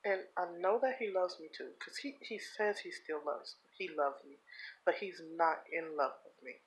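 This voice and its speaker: A woman speaking in a personal confessional vlog, earnest and heartfelt, holding back tears, with halting repeats. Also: fairly low pitch, animated, low-quality recording. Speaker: vlogger.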